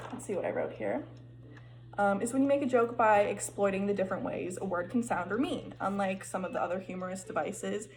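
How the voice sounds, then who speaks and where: Woman student talking through a class assignment in a loose, chatty way; gravelly edge to the voice. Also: medium pitch, poor audio. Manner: chatty, loose, with filler words and restarts. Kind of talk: casual recorded class presentation.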